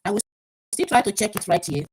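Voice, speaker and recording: A woman with a slightly husky, breathy voice hosts a live-streamed call-in program about relationships. She talks informally and repeats herself, breaking off to share the stream with viewers and check her volume. Her pitch sits in a middling range. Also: expressive, quick pace, no room sound, poor audio. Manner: repetitive, stops to handle viewers' sharing requests. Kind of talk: live-streamed talk show. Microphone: live stream mic, checking volume.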